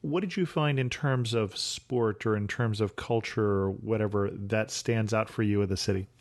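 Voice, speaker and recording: Male travel podcast host, measured interviewer, dry close sound. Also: fairly low pitch, darkish tone, no room sound. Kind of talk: interview questions.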